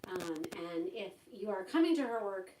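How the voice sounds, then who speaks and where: A woman literary agent hosting an onstage talk at a bookstore, chatty and excited, with plenty of fillers. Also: medium pitch, moderate pace, noisy background. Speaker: literary agent, event host. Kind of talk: conversational onstage interview. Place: bookstore event room. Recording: roomy hall sound, distant mic.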